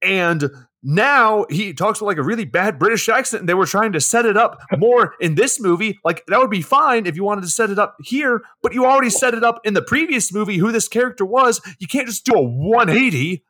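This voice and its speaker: Podcast co-host, man, lively swearing rant, slightly high voice. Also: a little fast. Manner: animated, profane ranting. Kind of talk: casual movie-review chat.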